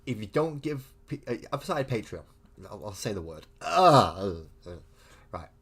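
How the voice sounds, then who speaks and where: Low-voiced man rambling through a live stream. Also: very animated, moderate pace, a bit bright, breathy edge. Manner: rambling, thinks aloud with frequent restarts. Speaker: host of a live miniature-painting stream. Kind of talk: casual live-stream chat.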